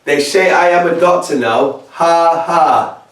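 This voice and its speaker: Gleeful Scottish-accented Victorian killer, a man reading, taunting and mocking, slightly high, echoey distant mic. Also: slow pace. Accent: put-on Scottish. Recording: roomy echo from a distant mic.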